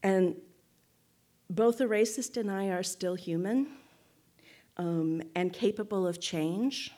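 A woman giving a reflective spoken teaching to a group, measured and thoughtful, often checking in with "right?" and restarting phrases. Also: medium pitch, warm tone. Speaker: guest speaker.

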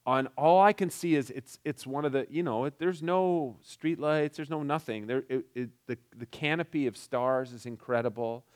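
Middle-aged man, mid-range voice, casual storyteller who stumbles and restarts as he goes. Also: medium pitch. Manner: halting, many restarts and "like" fillers.

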